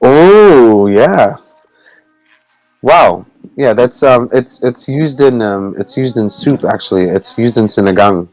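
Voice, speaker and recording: A man co-hosting a casual video call chat, teaching Tagalog words in a halting, rambling way with many fillers and frequent laughs. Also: mid-range voice, animated, darkish tone, no echo, soft background music, low-quality recording. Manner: laughs often between words.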